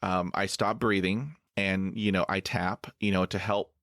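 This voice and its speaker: A man's voice: deep voice, fairly even intonation, a little slow, fairly bright tone, no room sound, studio quality. A middle-aged man hosting an interview podcast, stuttering with blocks and repeated sounds, and filling his talk with "you know". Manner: many "you know" fillers, laughs easily. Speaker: podcast host. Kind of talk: casual conversational interview.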